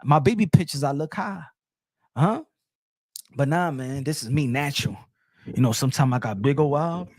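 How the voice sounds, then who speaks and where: A man hosting a boxing livestream, rowdy and laughing, often shouting as he reacts to chat. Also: on the high side, moderate pace, pauses often, no room sound, studio quality. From Dominican Republic family roots. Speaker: boxing channel host. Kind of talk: excited live commentary.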